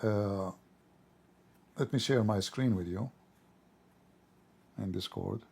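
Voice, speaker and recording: A man's voice: on the low side, slow pace, gravelly, a little mellow, slightly rough. A man hosting an online call-in discussion, explaining points with frequent "uh" fillers. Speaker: host.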